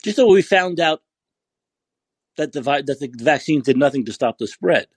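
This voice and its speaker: Podcast host, man, furious profane rant, lively husky voice, dry close mic. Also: a little high, moderate pace, no echo. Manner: yelling, profane, repeats rhetorical questions. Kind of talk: angry political rant.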